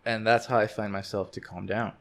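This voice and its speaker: A man's voice: lowish voice, little pitch movement, fairly quick, creaky. A young man talking openly and easily as a guest on a casual podcast. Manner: open, easygoing storytelling. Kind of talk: casual chat.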